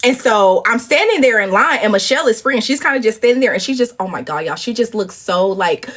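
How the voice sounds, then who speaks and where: Woman, 20s, from St. Louis, livestream storytelling, husky, very lively pitch, phone mic. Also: quick pace. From St. Louis, USA. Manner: animated, profane, addresses viewers as y'all and girl. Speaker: livestream host. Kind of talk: casual storytelling chat. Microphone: phone at arm's length.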